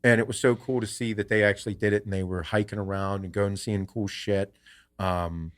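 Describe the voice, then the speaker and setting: A podcast host telling a casual story in a profane, rambling way. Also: male voice, on the low side, fairly even intonation, brisk. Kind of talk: casual chat.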